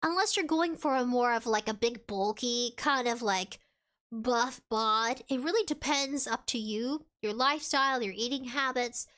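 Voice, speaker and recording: Bright, high-voiced woman streamer. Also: normal speed. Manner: chatty and rambling, with frequent fillers. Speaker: VTuber streamer. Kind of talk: casual live-stream chat.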